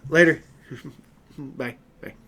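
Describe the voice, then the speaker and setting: A man co-hosts a casual podcast, talking very slowly in a mid-range, fairly bright voice. He rambles loosely, with lots of fillers and restarts.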